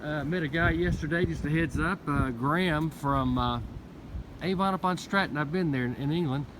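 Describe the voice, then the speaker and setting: A man's voice: on the high side, moderate pace. A man with a Southern accent talking to his handheld camera on a wooded mountaintop, in a rambling, folksy video diary. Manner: rambling, folksy, chatty with fillers. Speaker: thru-hiker vlogger. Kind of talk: casual video diary on the trail. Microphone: handheld camera mic. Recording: noisy outdoor camera audio.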